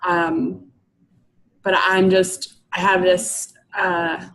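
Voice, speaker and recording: A woman in her late twenties, a coaching client, talking haltingly about her struggles. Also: on the low side, little pitch movement, a bit bright, low-quality recording. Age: 20s. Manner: hesitant, many fillers and restarts. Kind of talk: hesitant personal sharing.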